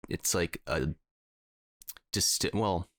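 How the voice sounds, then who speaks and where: A man's voice: deep voice, slow pace, no echo, clean studio sound. A young man co-hosting a podcast, chatting casually and rambling with lots of fillers. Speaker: podcast co-host. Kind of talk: casual chat.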